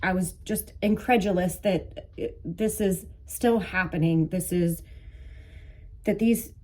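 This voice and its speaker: A woman giving a halting, emotional personal monologue, with many restarts and fillers, as if close to tears. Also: fairly low pitch, warm tone, slightly rough. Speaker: vlogger, coaching.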